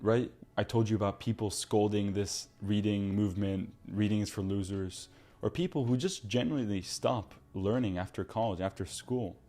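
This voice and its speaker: Young guy in his 20s doing a motivational talk straight to camera, earnest and animated, lowish voice. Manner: earnest, animated, talks to viewer as "bro"; mocks friends in put-on voices. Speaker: self-improvement video host. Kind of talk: casual motivational monologue.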